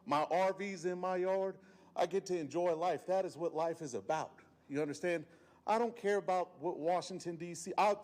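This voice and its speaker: A man's voice: high-pitched, darkish tone. A man of about forty, giving an emotional, blunt and folksy public comment at a county meeting podium, full of fillers and restarts. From South Carolina Lowcountry.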